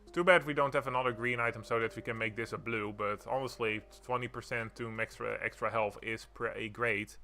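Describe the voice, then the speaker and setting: Chatty, forceful male game streamer. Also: medium pitch, steady tone, a little fast, vocal fry, hardly any pauses, faint music behind. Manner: casual, chatty, swears freely. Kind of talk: live gameplay commentary.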